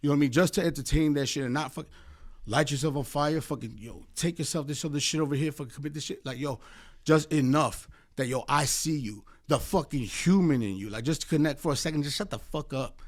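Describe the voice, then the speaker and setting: An American man with a slightly high voice speaks briskly as a guest attorney on a podcast. His talk is impassioned and rambling, heavily profane and packed with fillers, in the style of a casual podcast chat.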